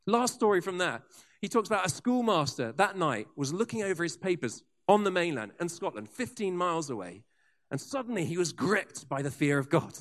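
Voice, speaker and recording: A man preaching a sermon, telling revival stories with lively asides and frequent restarts. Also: sits high, a little fast. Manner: animated storyteller with asides and restarts. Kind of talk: sermon storytelling.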